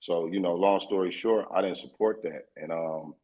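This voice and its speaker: A man, a guest in a casual interview, telling a story in a streetwise and profane way, getting more animated as he goes. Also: low voice, normal speed, muffled recording.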